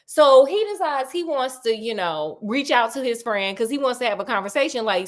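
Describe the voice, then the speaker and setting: A woman retelling a classic story in a casual, comic way, animated and slangy, talking right to her audience. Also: a little high, normal speed.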